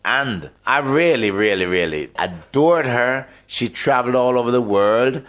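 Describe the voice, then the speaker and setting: An older man with a Jamaican accent, telling lively stories as a radio interview guest, laughing often and repeating words. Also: medium pitch, a little slow.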